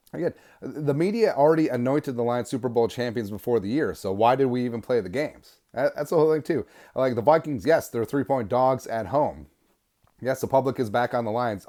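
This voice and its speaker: A man hosting a sports podcast, delivering an energetic, sarcastic fan rant. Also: on the low side. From Minnesota. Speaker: podcast host.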